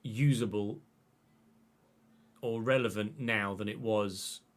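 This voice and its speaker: A man, chatting and commentating excitedly while streaming a football game. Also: on the low side, slow pace. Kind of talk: live gameplay commentary.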